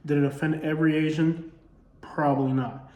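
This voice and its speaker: A man's voice: a little high, flat delivery, moderate pace, dark tone, roomy sound. A man with a Southern accent, a comedy creator speaking in a casual commentary monologue, earnest and full of rhetorical questions. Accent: Southern US, Alabama-tinged.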